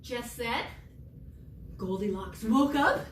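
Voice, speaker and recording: A young woman with a voice that sits high leads a storytelling yoga lesson for preschool children, speaking a little slowly. She's expressive and sing-song, adding gasps and whispers. The recording is roomy and sounds captured from far off.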